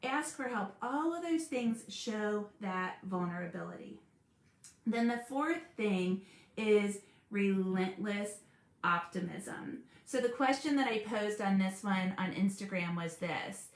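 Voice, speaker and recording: A woman hosting a live stream about school support teams, earnest and animated, laughing often as she talks. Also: medium pitch, echoey room. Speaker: special education advocate hosting a live stream. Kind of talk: casual live-stream talk.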